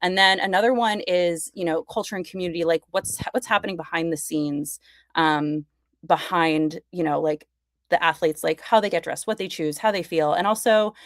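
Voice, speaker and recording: A woman's voice: on the low side, moderate pace, no room sound, clean studio sound. A young woman guest on a podcast, chatting eagerly about her work, with lots of likes and you-knows. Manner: enthusiastic, chatty, many fillers. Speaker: podcast guest, fashion content creator. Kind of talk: casual conversation.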